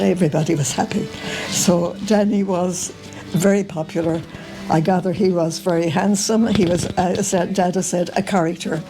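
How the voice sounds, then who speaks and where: Older Irish woman, low gravelly voice, meandering storyteller with lots of "uh" and "um". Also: warm tone, low-quality recording. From Ireland. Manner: meandering, full of uh and um. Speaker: reunion guest telling family stories. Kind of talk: casual storytelling to camera.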